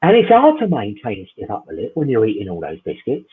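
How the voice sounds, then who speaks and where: A man's voice: lowish voice, wildly swooping pitch, fast, breathy edge. A middle-aged English man doing a dry, rambling, self-mocking stand-up routine. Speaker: stand-up comedian. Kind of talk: stand-up routine over video call. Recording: tinny phone-like line.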